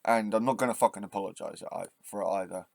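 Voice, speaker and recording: A man hosting his own channel, delivering a passionate, swearing rant that drops to quiet musing and then flares up loud, with halting restarts when he thinks aloud. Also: lowish voice, creaky, no echo. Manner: swearing, impassioned, swings between quiet and loud. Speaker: channel host. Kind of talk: ranting vlog monologue.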